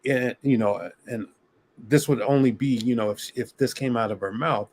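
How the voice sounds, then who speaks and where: A man with a darkish, mid-range voice at normal speed sits on a dating-show review panel, debating casually on video. He's argumentative, explaining his point at length with many restarts.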